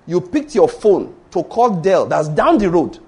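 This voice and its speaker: A man's voice: sits high, big pitch swings, a little slow, husky. A middle-aged man with a Nigerian Yoruba accent, preaching a sermon in an emphatic storytelling way. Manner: storytelling, emphatic, repeats points. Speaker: pastor.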